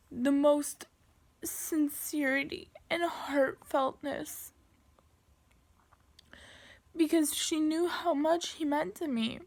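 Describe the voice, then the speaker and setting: A young woman shares a painful personal story on camera in a high, creaky voice. She talks slowly and haltingly, stopping often and starting her sentences over.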